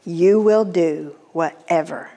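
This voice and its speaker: Whispered role-play: woman doing God, a hushed, firm command. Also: lowish voice, slow pace, pitched below the performer's own voice.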